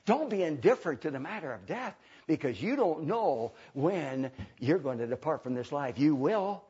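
A husky, high-pitched man preaching a fiery sermon, dropping to a hush and then rising to a shout for emphasis. The recording is dull and lo-fi. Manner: swings from hushed to shouting, dramatic emphasis.

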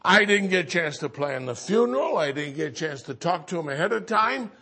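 A man pastor preaching a sermon as a story, swinging between loud exclamations and hushed earnest passages. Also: fairly high pitch, lively intonation, fairly quick, husky.

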